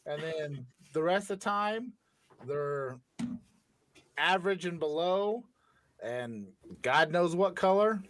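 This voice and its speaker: Animated joking man, fairly high voice. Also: dry recording. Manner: animated, joking, quick bursts. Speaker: podcast host. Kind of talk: casual comedic chat.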